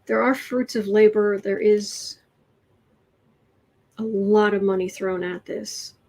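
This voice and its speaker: A woman hosts a casual livestream, reading tarot and reacting to the news with musing, trailing thoughts, sardonic asides and the occasional whisper. She speaks slowly in a steady, darkish, medium-pitched voice with vocal fry, on a rough recording.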